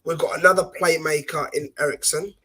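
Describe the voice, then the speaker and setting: Male podcast guest, husky, quick, passionate debater, slightly high voice. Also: fairly even intonation, bright, forceful tone. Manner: rapid, passionate, argumentative. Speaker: guest football fan pundit.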